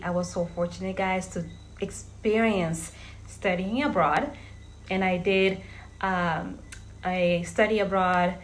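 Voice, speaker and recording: A woman from Verde, around her thirties, talks straight to her viewers in a casual, chatty vlog. Her voice sits at an ordinary middle pitch, and she often laughs as she tells her stories. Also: slight background noise. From Cape Verde. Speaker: vlogger.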